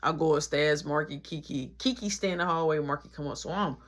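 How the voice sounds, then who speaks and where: A young woman vlogger telling a story in a casual, animated, repetitive way. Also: low-pitched, brisk, highs cut off.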